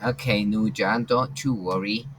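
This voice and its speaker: A man's voice: fairly low pitch, fairly even intonation, unhurried, fairly bright tone, a little hiss or hum, rough recording. A man teaching an online English class, encouraging his students in a hesitant way over a video call.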